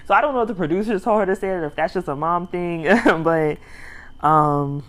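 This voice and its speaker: A woman hosting her own review channel, casually recapping a TV episode and acting out what people said, often laughing. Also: mid-range voice. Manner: animated retelling, acts out quotes, laughs often.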